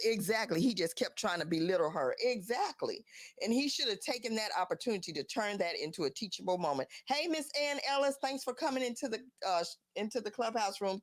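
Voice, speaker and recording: A woman's voice: mid-range voice, dry recording, studio quality. A woman hosting a live show, talking casually and animatedly, firing off incredulous rhetorical questions. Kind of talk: casual commentary.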